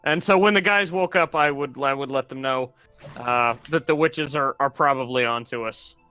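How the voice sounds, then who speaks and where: A man playing a tabletop game, joking and bursting into loud outbursts. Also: medium pitch, normal speed, clear, resonant tone, soft background music. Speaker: player. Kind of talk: casual tabletop play.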